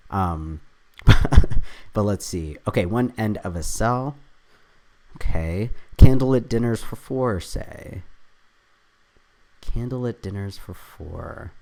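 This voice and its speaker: A man hosting his own video, thinking aloud as he works through a crossword, reading clues half to himself with chatty, self-deprecating asides. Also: on the low side.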